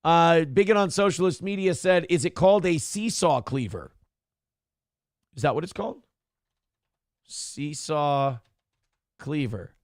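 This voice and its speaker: A man's voice: fairly high pitch, expressive, normal speed, no room sound, clean studio sound. Joking, foul-mouthed male show host. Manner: profane, joking, self-mocking rants. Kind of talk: casual live-stream chat reading viewer comments.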